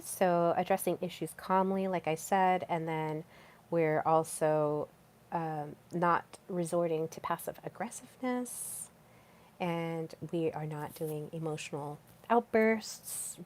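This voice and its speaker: A woman's voice: on the low side, darkish tone. A young woman hosting a solo podcast, talking casually and chattily, with fillers and repeated words. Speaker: podcast host.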